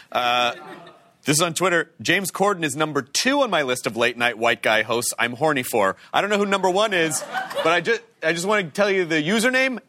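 A man hosting a talk show, quick and jokey as he reads viewer posts aloud. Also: fairly high pitch, sharp tone. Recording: studio with audience and noise.

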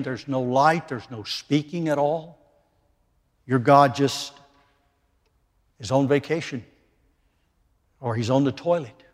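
A man preaching a sermon, emphatic, dropping from loud declarations to hushed lines. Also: medium pitch. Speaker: pastor. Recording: long reverb of a large hall.

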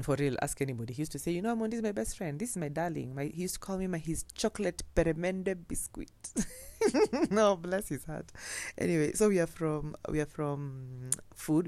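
A woman's voice: deep voice, fairly even intonation, brisk, a little mellow, dry recording. A young Kenyan woman chatting casually and telling personal stories, mixing in Swahili phrases and laughing often. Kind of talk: casual storytelling.

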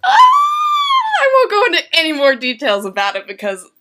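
A woman's voice: high-pitched, huge pitch swings, quick pace, pushed and bright. A woman in casual chat, reacting with exclamations and laughter and sharing her own stories.

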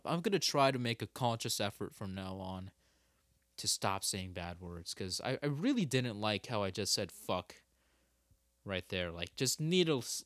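A man's voice: lowish voice, a bit bright, no echo, studio quality. A young man hosting a casual solo podcast, rambling and stopping himself mid-sentence, cursing freely. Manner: rambling, self-interrupting, swears a lot. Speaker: podcast host.

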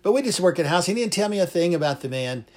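A man's voice: sits high, expressive, rapid-fire. A man preaching a sermon, fervent and emphatic, repeating phrases for emphasis. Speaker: pastor.

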